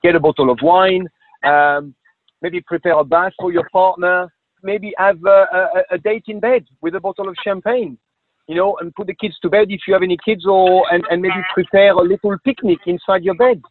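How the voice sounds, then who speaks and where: High-voiced man on a tinny line. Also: steady tone, moderate pace. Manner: earnest, repeats words while thinking. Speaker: podcast guest. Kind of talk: casual advice-giving chat. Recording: tinny phone line with faint hiss.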